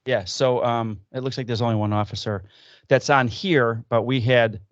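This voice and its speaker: A man's voice: medium pitch, steady tone, moderate pace, no room sound, dull audio. A man co-hosting a podcast, chatting loosely and swearing through easygoing banter. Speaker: podcast co-host. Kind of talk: casual chat. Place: at home, recording remotely.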